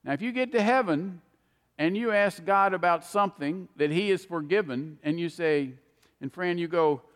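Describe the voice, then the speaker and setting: Male preacher, earnest sermon, fairly high voice, long hall reverb. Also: moderate pace, a bit bright. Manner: earnest, addresses listeners directly by name.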